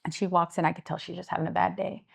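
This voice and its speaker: A woman's voice: lowish voice, rapid-fire, vocal fry, husky. Earnest Midwestern woman telling a story. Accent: Midwestern American. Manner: earnest, animated retelling with acted-out quotes. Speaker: guest, homeless services director. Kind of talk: interview storytelling.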